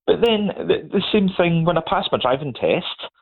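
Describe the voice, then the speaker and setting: A man's voice: a little high, very animated, normal speed. Chatty middle-aged Scottish man, phone line. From Scotland. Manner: chatty, laughs through his stories. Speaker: guest. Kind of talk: casual storytelling chat.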